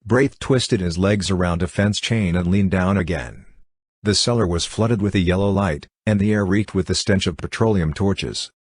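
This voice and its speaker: Deep husky male audiobook narrator. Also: no echo, studio quality. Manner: steady, measured reading of classic fiction. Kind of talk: scripted narration.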